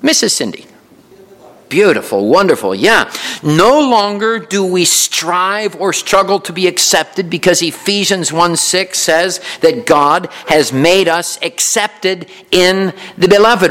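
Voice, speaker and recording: Lively preaching man, animated pitch. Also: unhurried. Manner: lively preaching with chuckles and repetitions. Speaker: pastor. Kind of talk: sermon. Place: church sanctuary.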